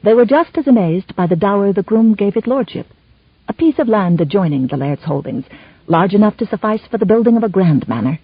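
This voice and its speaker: Breathy, expressive woman narrator. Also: medium pitch, fairly quick, no room sound. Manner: expressive, even-toned storytelling. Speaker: audiobook narrator. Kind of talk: scripted narration. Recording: slightly muffled dry recording.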